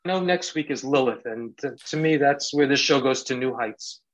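A man's voice: medium pitch, moderate pace, muffled recording. A man guesting on a podcast in casual chat, earnestly retelling scenes he admires.

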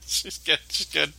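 A man co-hosting a casual chat about a sitcom, relaxed, often laughing and quoting characters. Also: sits high, creaky, breathy edge, no echo. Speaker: podcast co-host.

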